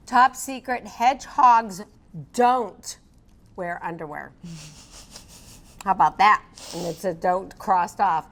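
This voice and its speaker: Woman children's librarian, co-host, animated, loves reading picture books aloud. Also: medium pitch, unhurried. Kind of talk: casual chat about books. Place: public library.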